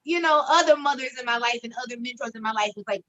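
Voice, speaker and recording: A woman, co-hosting a podcast and telling a candid story in a frank, expressive way, swearing freely and acting out the voices she quotes. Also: on the high side, fast, dull audio. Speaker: podcast co-host.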